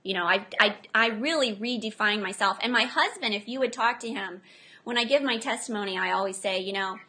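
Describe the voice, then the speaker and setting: A middle-aged woman, an entrepreneur guest in a casual interview, telling lively stories and acting out what people said. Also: a little high, a little fast. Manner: animated storyteller, acts out quotes.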